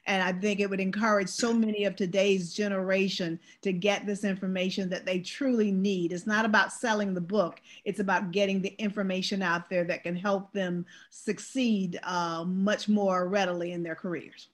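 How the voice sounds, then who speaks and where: A woman at a book club making an earnest, measured appeal to the group. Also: medium pitch, steady tone.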